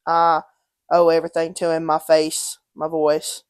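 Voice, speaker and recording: A woman's voice: low-pitched, a little slow, clear, resonant tone, no echo, clean studio sound. A woman co-hosting a podcast, telling stories in casual chat, swearing freely and acting out quotes. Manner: animated storytelling, swears freely, acts out quotes. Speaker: podcast co-host.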